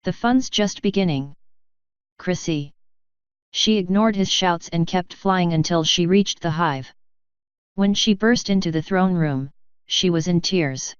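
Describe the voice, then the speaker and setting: A woman narrating fanfiction in a steady storytelling manner. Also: fairly low pitch, unhurried, clean tone, dry recording. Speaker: audiobook reader. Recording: dry, dull lo-fi recording.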